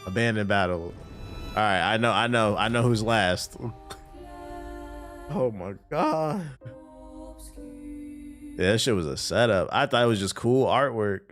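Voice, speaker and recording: A man's voice: on the low side, moderate pace, soft background music. A man streaming a video game live, commenting in an exasperated, swearing way. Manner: loud, exasperated, swearing, laughing outbursts.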